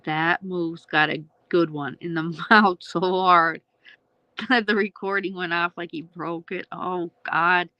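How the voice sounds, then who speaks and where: A woman's voice: lowish voice, steady tone, takes it slowly, bright, forceful tone, no room sound, poor audio. A woman hosting a casual livestream, rambling between thoughts, laughing often and swearing freely. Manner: laughs often, swears, trails off mid-sentence. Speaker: livestream host.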